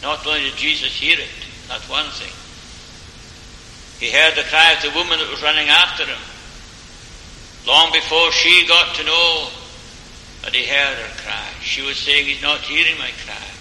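A man preaching a sermon in a slow, earnest way, pressing his hearers with rising questions and closing in prayer. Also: fairly high pitch, fairly even intonation, pushed and bright, a little hiss or hum. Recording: echoey hall, faint room ambience.

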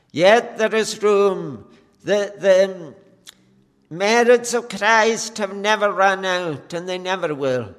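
Slow pleading preacher in a reverberant hall. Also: male voice, fairly high pitch, fairly bright tone. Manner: earnest pleading, slow with long pauses. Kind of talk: sermon. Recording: long reverb of a church hall.

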